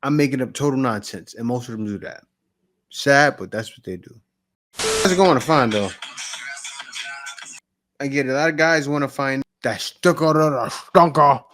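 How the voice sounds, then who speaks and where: A man in a mid register talks over clips he is reacting to, bluntly and dismissively. His commentary is casual and offhand, like a host speaking straight to his viewers. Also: medium pitch.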